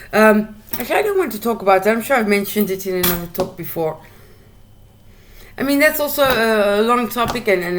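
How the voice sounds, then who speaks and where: Woman host, solo rant, blunt and foul-mouthed, mid-pitched voice, stumbles and repeats when worked up. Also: slight background noise. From South Africa. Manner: blunt, profane, repeats words when heated. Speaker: podcast host ranting solo. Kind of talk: casual monologue rant.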